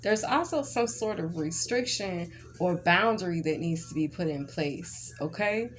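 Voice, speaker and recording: A woman's voice: fairly low pitch, animated, unhurried. Chatty woman tarot reader. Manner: chatty, ranting, checks in with "okay?" constantly. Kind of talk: casual storytelling tarot reading.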